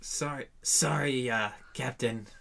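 Guy doing a little kid voice for a cabin boy, timid, bright tone. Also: medium pitch, slow, creaky, slight background noise, heavily acted. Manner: small kid voice, hesitant. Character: young boy ship hand, timid and eager.

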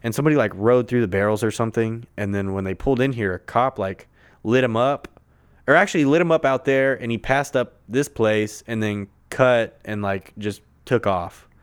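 A man with a smooth, resonant voice at an ordinary middle pitch tells a long, rambling story. His talk is loose and profane, packed with fillers. He is recorded in a conference room. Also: normal speed. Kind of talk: casual storytelling chat.

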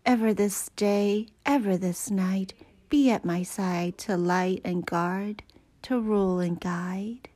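A woman reciting prayers in a soft, hushed whisper, then chatting quietly. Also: medium pitch, slow.

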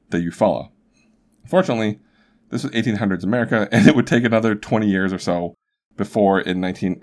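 A young man with a very low voice tells a true crime story on his podcast. He talks casually and rambles, with many filler asides. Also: darkish tone. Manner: chatty and rambling, full of "like" asides. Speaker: podcast host.

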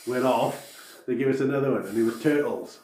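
A man's voice: mid-range voice, fairly quick, slight background noise. A man co-hosting a casual veterans' podcast, laughing a lot as he swaps stories from army training. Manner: laughs often, relaxed storyteller. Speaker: podcast co-host. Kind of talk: casual chat. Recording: roomy echo.

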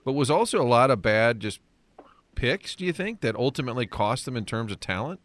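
A man's voice: mid-range voice, expressive, a little fast, fairly bright tone. Man asking rambling interview questions. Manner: rambling multi-part questions. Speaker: host, interviewer. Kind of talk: casual interview.

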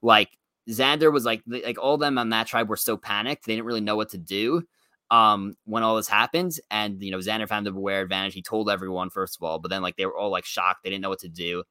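A man talks his way through a casual recap chat, circling back on his points and leaning on "you know" at every turn. His voice is bright and forward. The recording is close and dry, with no room sound. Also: on the low side, steady tone, clear, resonant tone, dry recording. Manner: rambling, fills every pause with "you know". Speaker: podcast co-host.

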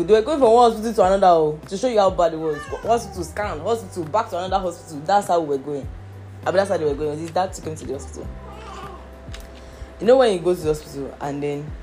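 A woman's voice: lowish voice, darkish tone. A middle-aged woman preaching a teaching sermon in an earnest voice, often checking that listeners understand. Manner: earnest, repeats "do you understand".

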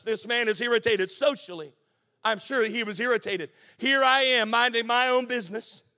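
A man preaching a sermon as pastor, impassioned, rising to shouts and a sing-song cadence. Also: very high-pitched.

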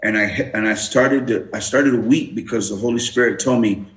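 A man's voice: medium pitch, brisk. A man giving his testimony as an interview guest, telling his story with many restarts and acting out the voices he quotes. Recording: roomy echo.

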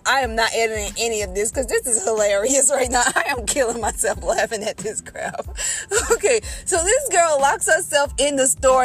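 A young woman with a high, bright voice tells a story from her car, excited and exasperated, laughing through her words. She speaks casually to her listeners, with faint music in the background. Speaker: podcast host. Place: in her car, parked and driving. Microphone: phone.

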